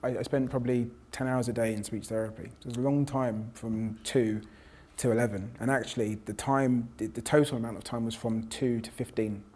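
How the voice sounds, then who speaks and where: A man's voice: mid-range voice, fairly even intonation, brisk, few pauses, dark tone. Reflective man telling his story. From South London. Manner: reflective, with frequent restarts and quoted voices. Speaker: professor and panel guest. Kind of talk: personal storytelling in conversation.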